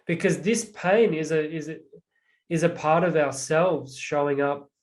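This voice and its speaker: A young man who works as a transformational coach talks as a podcast guest, a little slowly and with fairly even intonation in a slightly high voice. Earnest and reflective, he leans on many "like" fillers and acts out examples to explain his points.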